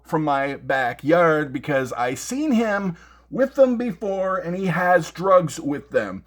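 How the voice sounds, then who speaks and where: A man's voice: on the high side, big pitch swings, slow. A middle-aged man hosting a music gear news show from his home music room, chatting casually in a rambling, jokey way with lots of fillers and restarts. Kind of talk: casual chat.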